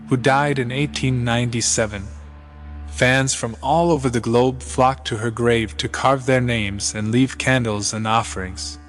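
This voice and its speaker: A man reading a scripted narration introducing a paranormal video clip in an even, dramatic manner. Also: medium pitch. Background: faint music.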